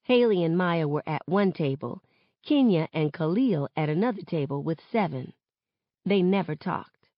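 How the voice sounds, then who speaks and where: A woman reading a novel aloud in steady first-person narration, on a dull lo-fi recording. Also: fairly low pitch, normal speed, no room sound. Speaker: reader.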